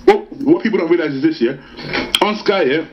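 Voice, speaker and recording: A man hosting a casual boxing chat, talking rapidly and keeps checking in with the listener. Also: on the high side. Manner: rapid, chatty, keeps asking "yeah?" and "do you know what I mean?". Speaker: boxing show host. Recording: dull lo-fi sound.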